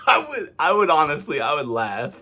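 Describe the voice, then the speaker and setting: A man's voice: on the high side, normal speed, background noise. A man hosting a reaction video, chatting casually in slang and laughing often between remarks. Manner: laughs often, relaxed slang-filled banter.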